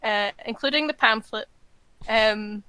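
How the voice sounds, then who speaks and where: A woman's voice: fairly high pitch, unhurried, sharp tone, smooth, no room sound, poor audio. A young woman playing a tabletop game, describing her character's actions in a hesitant way with many fillers and laughs.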